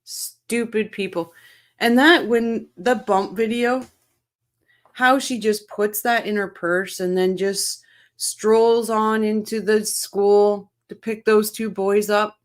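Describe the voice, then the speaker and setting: A woman's voice: mid-range voice, takes it slowly. A woman hosting a true-crime show, casually commenting on trial footage with blunt, sarcastic asides. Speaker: true-crime channel host.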